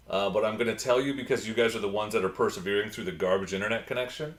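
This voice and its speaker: A man's voice: fairly low pitch, fast, echoey room. A man hosting a casual livestream, chatting and answering viewer comments from his home computer. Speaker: livestream host.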